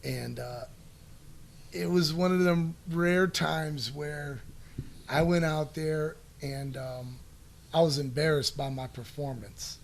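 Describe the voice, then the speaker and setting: Gravelly high-voiced man telling stories. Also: fairly even intonation, takes it slowly. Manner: rambling, swears, many restarts and fillers. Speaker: podcast guest answering listener questions. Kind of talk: casual storytelling chat.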